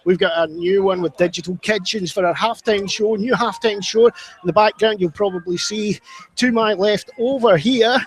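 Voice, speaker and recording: A man's voice: sits high, normal speed, poor audio. A Scottish man presenting a pre-match football show at a stadium, chatty and jokey, sometimes tripping over his words. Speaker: club media presenter.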